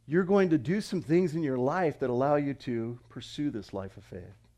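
A middle-aged man preaching a sermon, moving between quiet, reflective passages and loud, emphatic preaching. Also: mid-range voice, moderate pace. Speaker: pastor.

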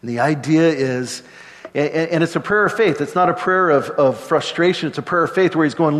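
A middle-aged man preaching a sermon in a relaxed, conversational way, dropping joking asides to the congregation. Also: a little high, moderate pace, big-room sound. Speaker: pastor.

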